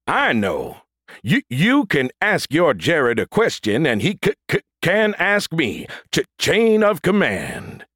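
A man voicing a damaged, stuttering android soldier in a battlesuit with a booming voice, in an audiobook. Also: huge pitch swings, fairly bright tone, husky, no room sound, studio quality, full character voice. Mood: eager booming. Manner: stutters on first sounds, booming, slow drawn-out words. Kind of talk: audiobook character voice.

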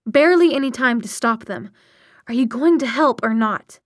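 A woman's voice: fairly high pitch, moderate pace, dry recording, studio quality, natural voice. A woman reading aloud and voicing an earnest, frustrated young man who speaks urgently and insistently.

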